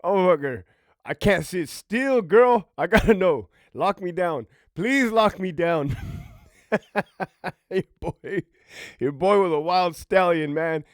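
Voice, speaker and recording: A man's voice: high voice, animated, slow pace, no room sound, studio quality. A former prison officer telling a casual, profane story from his own life, laughing often as he talks.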